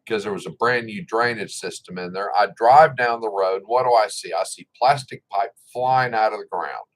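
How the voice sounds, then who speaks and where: A man's voice: lowish voice, normal speed, poor audio. A middle-aged man giving a casual opinion monologue, blunt and indignant, with sarcasm and swearing. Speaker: political commentator.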